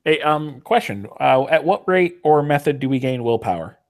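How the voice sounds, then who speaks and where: A relaxed tabletop player talks through their character's moves in a loose, rambling way. The pitch moves around a lot, which gives a lively, expressive lilt. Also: moderate pace, slight background noise. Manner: relaxed, rambling, with fillers and restarts. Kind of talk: casual role-play chat.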